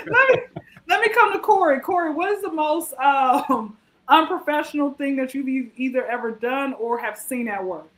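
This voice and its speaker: A woman hosting a casual talk show, speaking in a halting, giggly way. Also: sits high, lively intonation, fairly bright tone, poor audio. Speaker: host. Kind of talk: casual chat.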